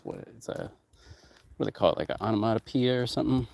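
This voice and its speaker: A man who owns a music label and runs a production company talks fast in a lowish, creaky, slightly mellow voice. His casual chat rambles from topic to topic and is packed with swearing, with a little background noise behind him.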